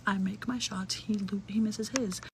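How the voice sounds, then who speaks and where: A young adult woman telling a personal story in casual, chatty talk, full of "like" fillers, cursing, and hushed, whispery asides. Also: mid-range voice, fairly even intonation, normal speed, a little hiss or hum, low-quality recording.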